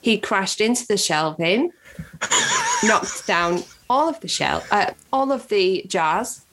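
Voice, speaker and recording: A woman's voice: mid-range voice, lively intonation, takes it slowly, background noise. Blunt woman with a mid-range voice. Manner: blunt, swears casually, laughs between lines. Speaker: podcast co-host. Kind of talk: casual chat, reading out stories.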